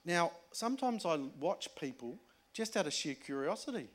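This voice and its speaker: A man preaching a sermon in a conversational way, moving between emphatic points and hushed asides. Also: a little high, very animated, normal speed. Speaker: pastor.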